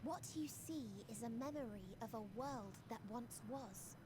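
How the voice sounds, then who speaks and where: A woman voicing a calm, cryptic otherworldly being in a game cutscene, speaking slowly and solemnly. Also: fairly high pitch, noisy background. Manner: slow, solemn, drifting into whispers. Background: loud game music.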